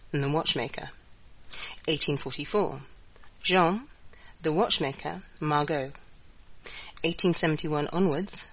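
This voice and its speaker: A woman's voice: low voice, fairly bright tone, muffled recording. A woman narrator reading out dates and character names from a script. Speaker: narrator of an audio introduction.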